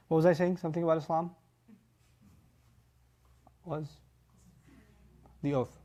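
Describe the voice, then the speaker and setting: A middle-aged man teaching a religious lecture in an animated, emphatic way, quoting Arabic phrases and explaining them. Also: on the high side, a little slow, long pauses. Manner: animated, emphatic, acts out students' voices. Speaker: Quran teacher.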